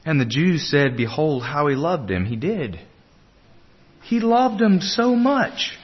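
Male preacher, unhurried sermon delivery, earnest and tender, muffled low-fidelity recording. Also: very animated. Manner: earnest, swings from loud urging to hushed tenderness.

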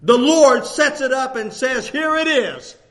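Brief: high-voiced man, animated, impassioned shouting preacher. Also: measured pace. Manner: impassioned, often shouting, with laughs. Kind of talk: sermon.

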